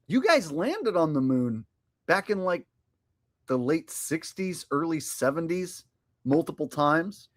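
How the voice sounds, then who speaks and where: A man's voice: high voice, expressive, unhurried. A man hosting his own channel, giving profane, sarcastic commentary in a mocking, crude way with frequent laughter. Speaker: channel host.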